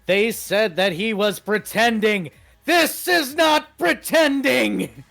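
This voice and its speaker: A man voicing a panicked female healer in a tabletop game, shrill and frantic. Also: slow pace, gravelly, fairly bright tone, faint music behind, exaggerated voice.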